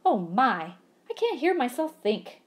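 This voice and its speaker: A fussy little old clockmaker man, fretful and forever exclaiming, as a woman puts him on. His lines swing high and loud with a lively, bouncing pitch. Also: measured pace.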